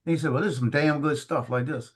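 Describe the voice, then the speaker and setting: A middle-aged man telling family stories in casual chat, halting and repeating words as he acts out what people said. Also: a little high.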